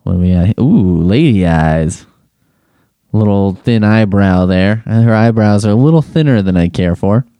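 A man's voice: lowish voice, expressive, unhurried, mellow, clean tone, no room sound. A man hosting a comedic solo podcast, giving crude, sarcastic and exasperated running commentary as he takes a quiz. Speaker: podcast host.

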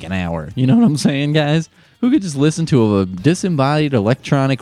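Comedic advice host, young man, profane deadpan-sarcastic delivery, dark mellow tone. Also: mid-range voice.

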